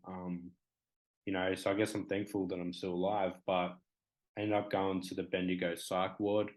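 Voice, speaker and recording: On a low-quality recording, a low-voiced Australian man in his twenties talks as a guest on a talk show. He's candid and rambling, leaning on many fillers.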